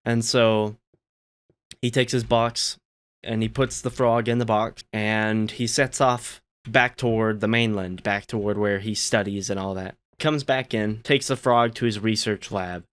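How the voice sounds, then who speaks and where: Smooth-voiced laid-back man. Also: fairly low pitch, fairly even intonation, unhurried. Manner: meandering, laid-back, many "you know" fillers. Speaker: gaming channel host. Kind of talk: relaxed gameplay commentary with storytelling.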